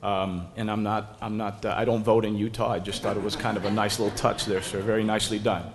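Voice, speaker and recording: A man's voice: fairly low pitch, level tone, a crowd in the background. Polished man speaking in a reverberant hall. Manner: polished, measured, courteous. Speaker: guest speaker, business chamber president. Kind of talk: formal prepared speech. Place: press conference room. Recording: long reverb of a large room.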